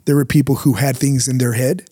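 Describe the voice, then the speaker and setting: A middle-aged man, a pastor, telling a personal story in casual chat, animated and jumping high in pitch when he acts out his younger self. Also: fast talker, breathy edge, no echo, clean studio sound.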